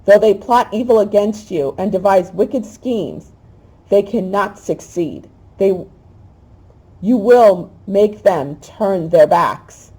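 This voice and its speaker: A woman hosting a spiritual talk, reading a prayer aloud in an emotional, halting way. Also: mid-range voice, mellow, slightly rough, rough recording. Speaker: host.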